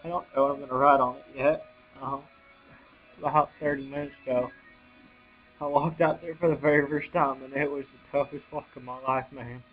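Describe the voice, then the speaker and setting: A young man telling a personal story on a home video, choked up and near tears, talking in halting bursts with sighs and restarts. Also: mid-range voice, steady tone, soft background music. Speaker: vlogger. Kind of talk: emotional personal account. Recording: dull lo-fi home video audio.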